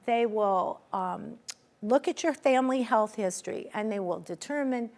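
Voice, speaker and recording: A middle-aged woman guest in a conversational interview, talking expressively and acting out quoted dialogue. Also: moderate pace. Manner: expressive, acts out quoted dialogue with pitch jumps. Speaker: interview guest, menopause advocate.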